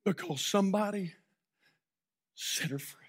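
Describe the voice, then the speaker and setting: A man preaching a sermon from a church pulpit, telling a story dramatically with sudden hushed drops and loud shouted peaks, then leading prayer. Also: high voice, unhurried, slightly rough. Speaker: pastor.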